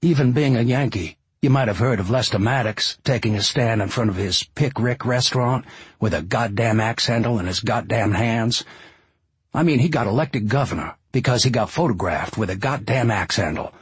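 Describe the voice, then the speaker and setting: A man's voice: mid-range voice, moderate pace, breathy edge, no echo. Man doing a bitter, swearing ex-bus driver. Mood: ranting. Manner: angry, sarcastic, swearing. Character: bitter, foul-mouthed Southern male ex-bus driver.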